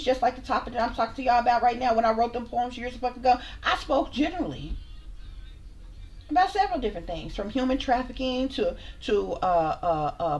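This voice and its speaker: Blunt, profane woman ranting to viewers. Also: fairly high pitch. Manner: blunt, profane, sassy, repeats herself. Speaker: channel host, spiritual reader. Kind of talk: heated casual rant to camera.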